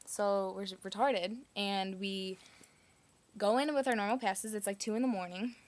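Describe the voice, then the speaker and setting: A woman's voice: medium pitch, steady tone, a little slow. A woman casually telling a personal story, chatty and full of "like" fillers.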